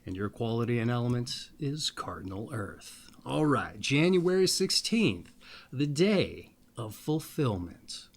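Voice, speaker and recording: A man with a middle-pitched voice talks in a loose, playful ramble full of asides. When he reads his text he slows right down and takes it word by word. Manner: slow, deliberate reading of a text. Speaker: astrology video host. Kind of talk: casual monologue and reading aloud.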